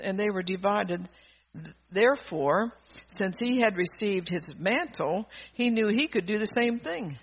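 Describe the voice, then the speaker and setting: A high-pitched, bright-toned man preaching with fervor, drifting between quiet asides and loud exhortations. The recording is dull and lo-fi. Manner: fervent, swings from soft asides to loud exhortation; rambling, with restarts and laughter. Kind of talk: sermon.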